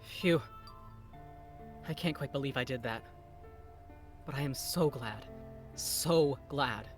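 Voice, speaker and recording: A man's voice: medium pitch, slow, soft background music, close to an everyday voice. A man voicing a brash young man in a game, reading the lines aloud with a sarcastic edge. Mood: relieved.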